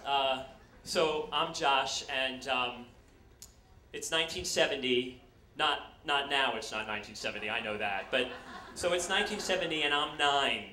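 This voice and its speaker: A man's voice: mid-range voice, moderate pace, sharp tone. A man in his forties from New York, telling a rambling, self-deprecating comic story on stage into a handheld mic. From New York, USA. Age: 40s. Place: on a stage before an audience. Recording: noisy live recording.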